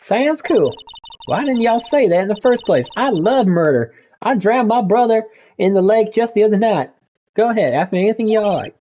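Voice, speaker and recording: Girl doing a loud nosy southern lady photographer, big drawl, bouncy delivery. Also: mid-range voice, expressive, moderate pace, pitched above the performer's own voice, lightly acted. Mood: brash. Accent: put-on Southern US drawl. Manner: folksy, bossy, exaggerated drawl.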